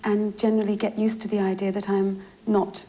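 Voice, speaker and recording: A woman's voice: mid-range voice, level tone, a little fast, warm tone. A woman with a London East End accent, a guest on a television chat show, talking in a chatty way and laughing often.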